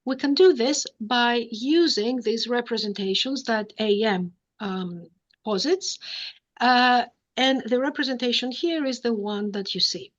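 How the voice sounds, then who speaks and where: A woman with a fairly high voice speaks unhurriedly, and the recording has its highs cut off. She's giving an academic lecture, explaining step by step and checking in with listeners using "right?" and "okay?".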